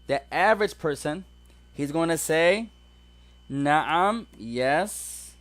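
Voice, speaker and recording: A man's voice: on the high side, animated, normal speed, a bit bright. A man teaching an Arabic grammar class, explaining step by step and mixing English with Arabic examples.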